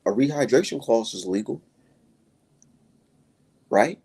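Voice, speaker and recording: A man hosting a live stream, ranting heatedly with lots of profanity and sudden jumps in pitch. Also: lively intonation, takes it slowly, vocal fry, mellow, breathy edge.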